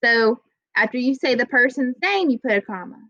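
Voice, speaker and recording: A young adult woman teaching an online writing class, patient and encouraging, reading example sentences slowly. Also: on the high side, expressive, a bit bright, dry recording, lo-fi sound. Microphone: video call.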